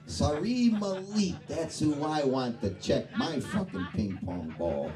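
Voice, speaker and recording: Taking it slowly with few pauses, a man in his fifties uses a warm, slightly high, animated voice for a profane, rowdy storytelling routine on a club stage. The distant-mic recording of the noisy club carries audience laughter and faint music.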